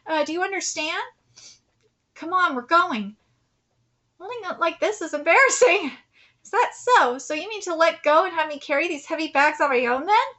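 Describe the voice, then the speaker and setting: Super high voiced woman reading manga on stream, tearing up, sharp bright tone. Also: lively intonation, moderate pace. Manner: emotional, near tears, laughing asides. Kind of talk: reading manga aloud with live reactions.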